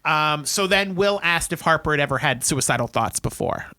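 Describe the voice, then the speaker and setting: Podcast co-host, male, bright and forceful tone, rambling casual film recap full of "um"s and quoted lines. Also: on the high side, lively intonation, moderate pace, no echo. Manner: rambling retelling with many fillers and acted-out quotes.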